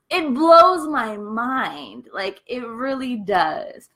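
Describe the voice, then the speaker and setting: A young woman from the United States chats into her camera in a casual vlog. Her voice sits somewhat high, and she tells her story with blunt, profane energy. She talks as she eats. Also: extremely slow. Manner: candid, profane, animated storytelling; talks while eating. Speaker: vlogger.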